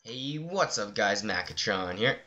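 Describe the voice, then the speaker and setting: Excitable young man gaming with a friend. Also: lowish voice, unhurried, over loud music. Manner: excitable, joking banter. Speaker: gaming channel co-host. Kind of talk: casual gameplay chat.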